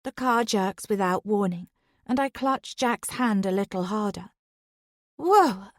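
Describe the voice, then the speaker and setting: A woman reading a first-person thriller audiobook in a steady, even way. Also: medium pitch, moderate pace, no room sound, studio quality. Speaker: audiobook narrator.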